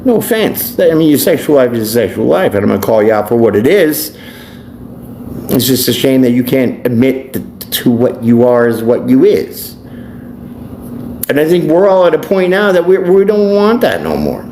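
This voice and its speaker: A man's voice: medium pitch, very animated, normal speed, warm tone. A man, a tarot reader and life coach, ranting bluntly and preachily in a profane vlog monologue. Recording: echoey room, faint background noise.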